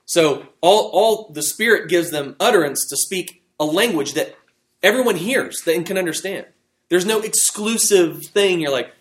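Brief: male Bible study teacher, slightly high voice, chatty and animated, guides a class through fill-in notes. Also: measured pace. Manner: conversational and animated, with fillers and restarts.

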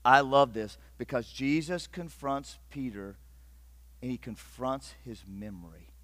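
A middle-aged man from Northeast Ohio preaching a sermon, swinging between loud urgent bursts and hushed, intimate passages. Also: medium pitch, a little slow, dry recording. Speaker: pastor.

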